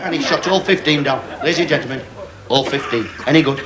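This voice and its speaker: Yorkshire stand-up comic, high lively bright voice, broad dialect, audience behind. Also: male voice, quick pace, background noise. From Sheffield, England. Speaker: stand-up comedian. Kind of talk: stand-up joke telling on a TV game show. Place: TV studio stage. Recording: studio audience laughter behind.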